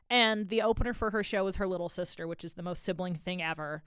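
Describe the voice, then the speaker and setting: A woman's voice: lowish voice, fast talker, few pauses, fairly bright tone, clean tone, no echo, clean studio sound. A young woman DJ chatting casually on her radio show, rambling through stories with laughs in between. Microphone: studio mic.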